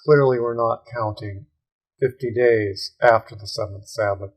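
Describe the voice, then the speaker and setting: A man's voice: on the low side, steady tone, measured pace, breathy edge. A man teaching a Hebrew grammar lesson, methodically parsing words and sounding out Hebrew terms.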